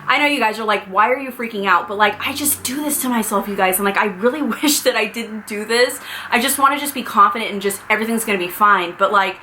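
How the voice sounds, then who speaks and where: A woman's voice: mid-range voice, fast, bright, forceful tone, a little hiss or hum, poor audio. A woman in her thirties giving a casual pregnancy update vlog, chatty and candid, full of fillers and a little anxious. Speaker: vlogger.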